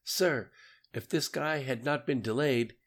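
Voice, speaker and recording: A man's voice: medium pitch, measured pace, pitched above the performer's own voice, lightly acted. A man voicing an urgent male intelligence staffer in an audiobook.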